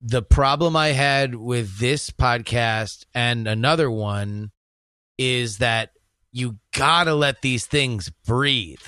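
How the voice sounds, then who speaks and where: A man judging on a podcast, giving critique in a measured, deliberate way. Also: mid-range voice, sharp tone, dry recording. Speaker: judge.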